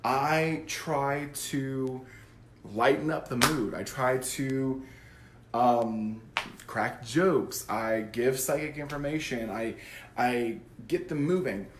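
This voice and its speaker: A man who works as a psychic medium, explaining his work to camera in a goofy, animated way. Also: medium pitch, slow, echoey room, noisy background. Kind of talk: casual talk to camera.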